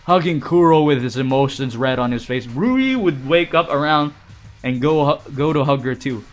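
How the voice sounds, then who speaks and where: A man's voice: medium pitch, moderate pace, faint music behind. A man, a voice actor, casually reading a fan story aloud, playful and reacting as he goes. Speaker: voice actor and VTuber.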